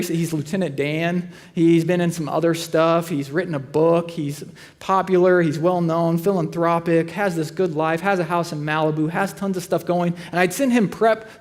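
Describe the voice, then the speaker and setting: A man in his thirties preaching a sermon, telling stories with dry humor and slowing to a quiet delivery on serious points. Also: fairly high pitch, fairly even intonation. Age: 30s. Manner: conversational storytelling with dry humor. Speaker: pastor.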